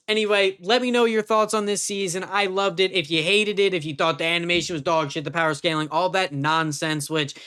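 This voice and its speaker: A show reviewer talking casually and with excitement, gushing, swearing freely and repeating themselves. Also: medium pitch, smooth.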